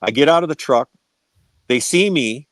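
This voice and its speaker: A man's voice: medium pitch, animated, moderate pace, no room sound. A man telling war stories as a podcast guest, swearing freely and tagging his sentences with "right?". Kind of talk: casual storytelling.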